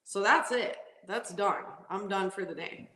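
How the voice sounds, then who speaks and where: A woman's voice: medium pitch, measured pace, reverberant, poor audio. A woman drag racing driver telling stories in a casual interview, laughing often and acting out what people said. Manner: animated, laughs often, acts out quotes.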